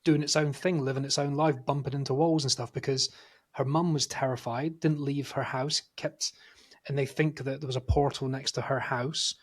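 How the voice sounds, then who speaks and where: A man co-hosting a film review podcast, speaking at a medium pitch. He talks in an animated, casual way and swears freely while telling stories. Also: normal speed, breathy edge. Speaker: podcast co-host.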